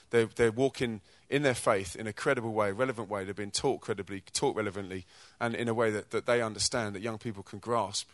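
A British man preaching to young people, telling stories from his own life in a chatty, energetic way. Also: lowish voice, no echo. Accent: British English. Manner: energetic, chatty storyteller who acts out quotes. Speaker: speaker at a youth church event. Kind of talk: testimony-style preaching with stories.

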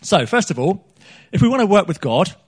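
A man's voice: high-pitched, very animated, brisk, breathy edge. A man preaching a sermon on a small church stage, chatty and joking, throwing questions out to the congregation.

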